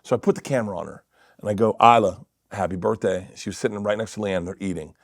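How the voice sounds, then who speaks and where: A middle-aged man, a comedian guest, telling animated family stories in casual chat and acting out quotes with cursing. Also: on the low side, fast talker, gravelly, no echo. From Florida.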